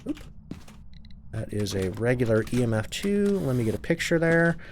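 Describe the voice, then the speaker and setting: A man's voice: mid-range voice, sing-song, normal speed, a little hiss or hum. A man casually chatting on a live game stream, reading out chat questions and answering them while he plays.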